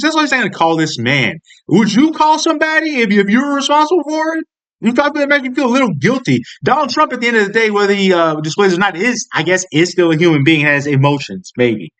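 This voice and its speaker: Man ranting with a high, lively voice. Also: quick pace. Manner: profane, heated, ranting with repeated restarts. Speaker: political commentary vlogger. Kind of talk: angry political rant.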